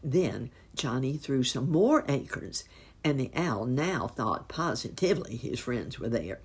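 A woman reading a children's storybook aloud, with expressive, unhurried storytelling. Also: rumbling low, husky. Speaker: narrator.

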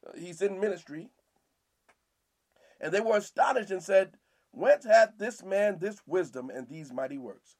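A man's voice: high voice, animated, a little slow, pauses often. A man teaching scripture verse by verse in a preaching style, often repeating himself and asking "Amen?". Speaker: Bible teacher and podcast host.

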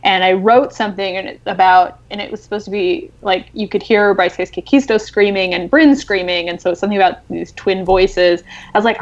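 A woman novelist talking casually about her writing, animated and excited, with many fillers. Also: mid-range voice, a little fast, muffled recording. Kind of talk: casual podcast chat.

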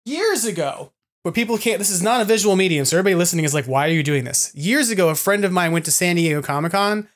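A man hosting a podcast, telling a long story in an excitable, rambling way and laughing often, talking over a video call. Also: sits high, fast. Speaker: podcast host. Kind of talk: casual chat.

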